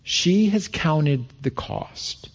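A middle-aged male pastor from Rochester, New York, preaching a sermon and acting out quoted lines with rising pitch. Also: expressive, very slow.

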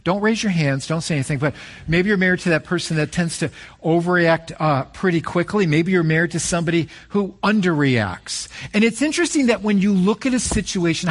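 A middle-aged man preaching a sermon as a pastor, conversational and storytelling, with animated peaks. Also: high voice.

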